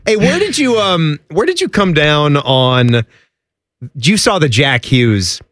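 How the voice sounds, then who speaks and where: Animated, laughing male sports talk host. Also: fairly high pitch, no room sound. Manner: animated, laughs often, quick asides.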